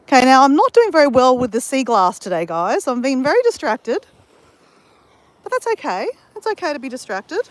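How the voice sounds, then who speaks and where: On a casual walking livestream by the sea, a woman holds her phone and chats with viewers by name, laughing easily. She sounds very animated, with a high voice and a moderate pace.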